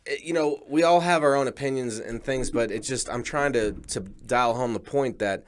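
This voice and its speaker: A man co-hosting a podcast, talking in a halting way and searching for words in casual chat. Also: medium pitch.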